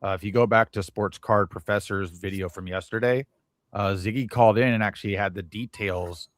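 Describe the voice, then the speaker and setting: A man co-hosting a casual livestream panel chat, talkative and quick to cut in with rebuttals. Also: fairly low pitch, fairly even intonation, dry recording, studio quality. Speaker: co-host.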